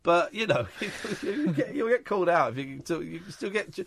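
Lively-voiced radio phone-in host. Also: male voice, high voice, normal speed, gravelly, husky, dry recording, clean studio sound. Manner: chatty, jokey, frank. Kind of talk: late-night phone-in chat.

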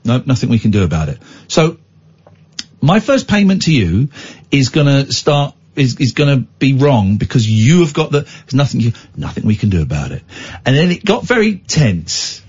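A man's voice: medium pitch, moderate pace, slightly rough. A British man hosting a radio show, telling stories in casual on-air chat, exclaiming and mimicking the people he quotes. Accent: British English. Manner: animated storytelling, imitating others, exclaiming. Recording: dull lo-fi radio sound.

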